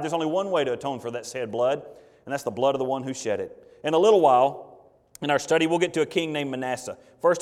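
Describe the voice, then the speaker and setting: A man preaching a sermon as pastor, fervent and folksy, swinging between loud outbursts and quiet asides. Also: on the high side, long reverb tail. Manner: folksy, plain-spoken.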